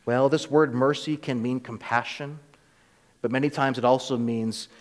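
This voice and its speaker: This sermon comes from a man with a medium-pitched voice, fairly even intonation and a moderate pace, and the recording carries a long reverb tail. His delivery is conversational, and at times he performs the voices of the biblical characters he's describing.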